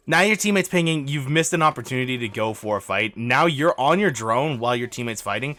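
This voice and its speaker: A man talks through gameplay footage as a coach, in a bright, forceful voice whose pitch jumps around a lot. He is urgent and insistent, repeating his instructions again and again. The recording is dry and close, with no room sound. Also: lively intonation, brisk, hardly any pauses, no room sound. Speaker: gaming coach.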